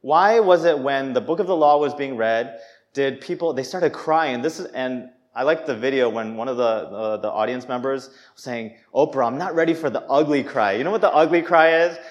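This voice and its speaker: A young man preaching a sermon in a church, conversational and animated, acting out people's reactions as he speaks. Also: medium pitch, moderate pace, dull audio. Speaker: pastor.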